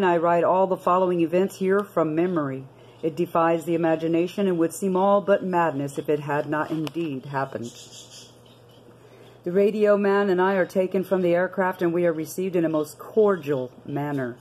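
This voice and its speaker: A woman's voice: low voice, a little mellow, low-quality recording. A woman reading a diary aloud and adding earnest commentary, addressing her listeners as brothers and sisters. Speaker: video narrator.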